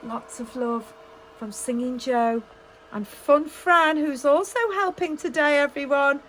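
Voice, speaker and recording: High sing-song woman, slow and gasping. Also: a bit bright, a little hiss or hum, low-quality recording. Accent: Manx English. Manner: breathy gasps, sing-song exclamations. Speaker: children's singing group leader. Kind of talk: cheerful tour for toddlers. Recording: music playing behind.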